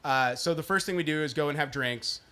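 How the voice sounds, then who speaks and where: A man's voice: fairly high pitch, a little fast, very noisy. A man co-hosting a podcast, telling a long story in casual chat and acting out the people in it, laughing often. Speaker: podcast co-host.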